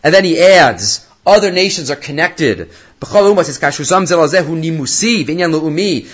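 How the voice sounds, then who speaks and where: A man gives a Torah class, his voice sitting slightly high and swinging widely as he dramatizes the verses and quotes. He talks in an engaged, teacherly way, dropping in Hebrew terms. The recording is dull and lo-fi. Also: animated, moderate pace, breathy edge.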